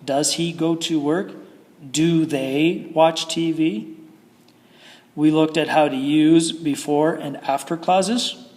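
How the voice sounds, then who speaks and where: A man's voice: a little high, steady tone, slow, darkish tone, in a large hall. A man teaching English grammar in a patient, explaining manner with frequent fillers. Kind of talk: recorded grammar lesson.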